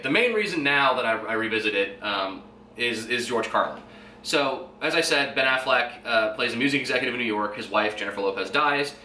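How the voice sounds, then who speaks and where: A man's voice: mid-range voice, pushed and bright. A man in his twenties hosting a podcast, rambling casually and swearing freely. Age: 20s. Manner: rambling and profane, with fillers and chuckles. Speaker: podcast host. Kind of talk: casual solo monologue. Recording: echoey room, faint background noise.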